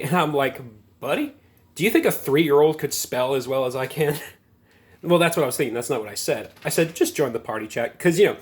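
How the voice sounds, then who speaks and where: A man in his twenties casually telling a story to camera, rambling and self-amused, with lots of fillers. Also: fairly high pitch. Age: 20s. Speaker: gaming video creator.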